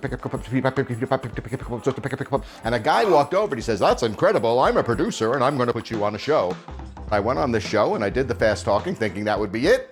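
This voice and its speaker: Older guy talking super fast and lively, music playing under him. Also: medium pitch. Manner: rapid-fire, animated delivery. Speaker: commercial fast-talker. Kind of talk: documentary interview.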